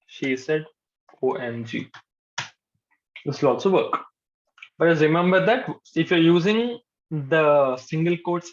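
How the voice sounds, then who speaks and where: Guy teaching coding live, slightly high voice, keeps saying okay, dull recording. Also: slight background noise. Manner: patient, repeats points, says "okay" often. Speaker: programming instructor. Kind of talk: live coding lecture to a class. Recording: dull lo-fi sound.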